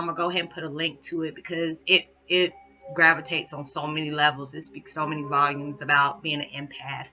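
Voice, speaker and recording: A woman vlogger giving an earnest, rambling, emotional monologue, speaking to her viewers. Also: sits low. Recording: dull recording with music behind.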